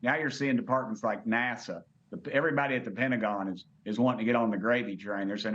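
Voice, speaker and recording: A low-voiced man with a drawl talks plainly and bluntly, stumbling over repeated words as he makes his point. His voice comes over a dull, lo-fi remote link. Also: fast talker, hardly any pauses, a bit bright. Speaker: congressman. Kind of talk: cable news interview.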